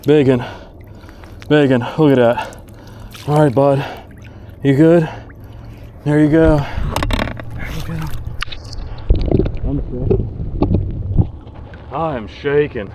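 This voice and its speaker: A man's voice: fairly high pitch, steady tone, takes it slowly, long pauses, noisy background. A man filming himself fishing from a boat outdoors, talking to the camera and exclaiming and repeating himself as he goes. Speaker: fishing vlogger. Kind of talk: excited on-the-water commentary.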